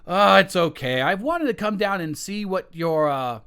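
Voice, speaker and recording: A man's voice: high voice, expressive, moderate pace, a bit bright, smooth, pitched above the performer's own voice. A man voicing a genial, easygoing king from a fairy tale. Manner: genial, hearty. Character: affable king, easygoing then outraged.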